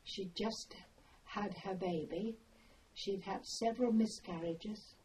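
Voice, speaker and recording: Older woman, oral history interview, slow meandering storytelling, distant mic with faint noise. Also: medium pitch, dark tone. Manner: unhurried, meandering storytelling with pauses.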